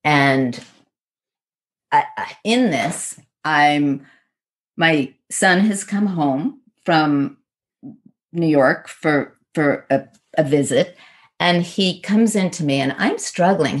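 A middle-aged woman on a podcast, telling a personal story in an earnest, halting, reflective way with frequent pauses. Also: low voice. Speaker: podcast guest.

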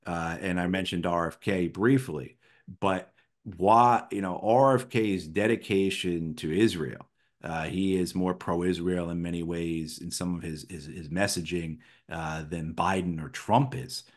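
Low-voiced man analyzing politics. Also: unhurried. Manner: thoughtful, frequent restarts and fillers. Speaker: interview guest, former Marine officer.

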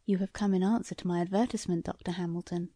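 A woman voicing a shrewd, eager older lord who questions a visitor in a courteous, soft-spoken way. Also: lowish voice, fairly even intonation, fast talker, no echo. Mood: probing.

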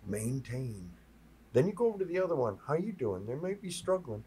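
Husky, animated man spinning stories. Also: mid-range voice, fairly quick. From Minnesota. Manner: lively anecdotes, acting out other people's lines in a raised voice. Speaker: guest sign painter and teacher. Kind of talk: storytelling in a podcast chat.

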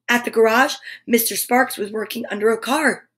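A woman hosting a children's show, reading a storybook aloud with animated narration and whispered asides. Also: on the high side, moderate pace. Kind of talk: storybook read-aloud for kids.

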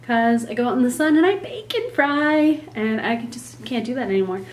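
A woman's voice: on the high side, lively intonation, brisk. A woman vlogging casually about her vacation, chatty and playful, often laughing. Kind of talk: casual travel vlog. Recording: echoey room, faint noise.

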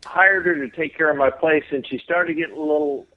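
Texan guest, a man, drawling and cussing, somewhat higher voice, heard over a thin phone line. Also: fairly even intonation, brisk. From Texas. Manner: profane, laughing, drawling storyteller. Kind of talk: casual storytelling on a podcast. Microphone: phone call.

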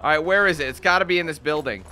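A young man commentating on a game he is playing, excitable and cursing at it. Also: on the high side, rapid-fire. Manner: excitable, swears and yells at the game. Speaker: let's play gamer. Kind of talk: gameplay commentary.

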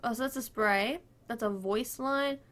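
A woman's voice: fairly high pitch, unhurried, fairly bright tone. A woman giving casual, chatty commentary while playing a video game, cheering on her team. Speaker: gaming video creator.

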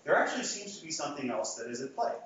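A man's voice: a little high, very animated, rapid-fire, a bit bright, a little hiss or hum. A man giving an academic lecture to a live audience, talking conversationally with frequent restarts and fillers. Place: lecture hall. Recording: echoey hall, far from mic, dull sound.

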